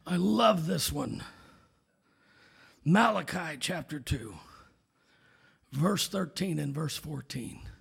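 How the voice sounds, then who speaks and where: A man preaching a sermon, rising to shouts and dropping to near whispers, with call-outs to his congregation. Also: a little high, lively intonation, takes it slowly, vocal fry, long pauses, slightly rough. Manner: swings from shouted exhortation to hushed, near-whispered asides. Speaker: pastor.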